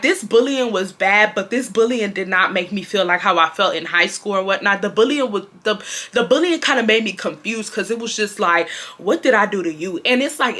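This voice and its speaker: Animated young woman telling a story. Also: mid-range voice, fairly quick. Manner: animated, slangy, addresses viewers directly. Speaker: storytime vlogger. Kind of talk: casual storytime vlog.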